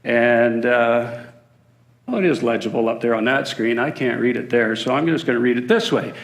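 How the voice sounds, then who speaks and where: A man's voice: medium pitch, normal speed. Male guest preacher, mid voice, jokey asides, church reverb. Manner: joking, self-deprecating asides. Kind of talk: sermon. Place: church sanctuary.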